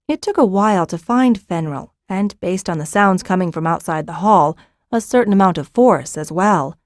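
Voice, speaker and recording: Woman reading an audiobook, steady and even, dry close sound. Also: lowish voice, normal speed, no echo. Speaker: audiobook narrator. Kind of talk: scripted narration.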